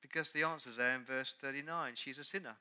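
Bright-voiced male pastor preaching. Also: mid-range voice, fairly even intonation, fast, clean tone. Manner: earnest, emphatic preaching with repeated phrases. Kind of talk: sermon.

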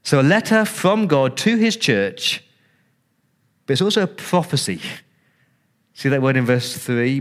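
Speaking a bit slowly and pausing often, a male pastor preaches in a conversational way with big pitch swings. He repeats words and acts out the reactions of his listeners.

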